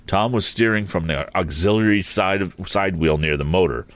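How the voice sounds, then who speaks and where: A man narrating an old adventure novel aloud in a measured storytelling reading. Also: deep voice, no room sound. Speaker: audiobook narrator. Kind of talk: scripted narration.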